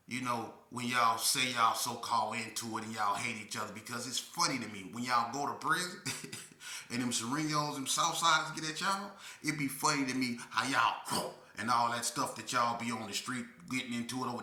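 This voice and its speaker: Brief: older male storyteller, animated and casual, sharp bright tone, echoey room. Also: mid-range voice, brisk. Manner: animated, keeps asking "right?". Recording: roomy echo.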